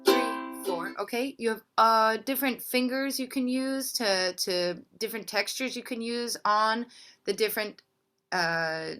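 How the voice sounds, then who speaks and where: A woman teaching a ukulele workshop, explaining strums and counting beats aloud. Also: medium pitch. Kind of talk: music lesson with playing and counting. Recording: loud ukulele behind voice.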